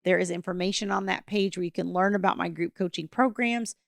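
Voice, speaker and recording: A woman's voice: lowish voice, brisk, vocal fry, no echo, studio quality. A woman coaching parents through divorce, talking casually and acting out what people might say. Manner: casual, conversational, acts out quoted dialogue. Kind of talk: advice talk to camera.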